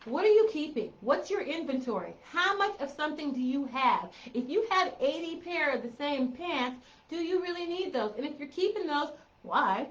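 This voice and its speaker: A woman's voice: sits high, lively intonation, normal speed, hardly any pauses. A middle-aged woman, a professional organizer, giving tips in a chatty, playful way and repeating points for emphasis. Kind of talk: casual tips vlog. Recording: roomy, slightly dull sound.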